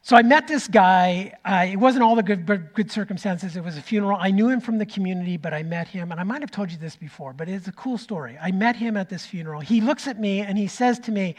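A middle-aged man preaching a sermon as pastor, telling a story that swings from loud to nearly whispered. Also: high-pitched, brisk. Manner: storytelling, rising loud then dropping to a near whisper.

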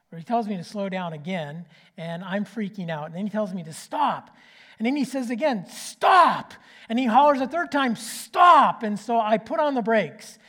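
A man, preaching a sermon with a folksy personal story, swinging between loud and hushed. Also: sits high.

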